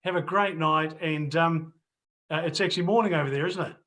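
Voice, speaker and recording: A man's voice: a little high, brisk, a bit bright. A middle-aged man hosting a casual interview, rambling, restarting and repeating his phrases. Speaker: host. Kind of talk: casual video interview and wrap-up to viewers.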